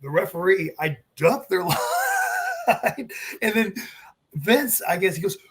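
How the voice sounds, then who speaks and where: A former referee, a man with a fairly high voice, recounts backstage stories in a casual interview. He acts out the lines other people said to him, swearing and laughing as he goes. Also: huge pitch swings, takes it slowly, fairly bright tone, breathy edge. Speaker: former wrestling referee, guest.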